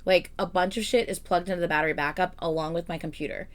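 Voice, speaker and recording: A woman's voice: fairly low pitch, fairly even intonation, fast talker. A young woman streaming from home in casual chat, swearing freely and ranting in a rambling, exasperated way.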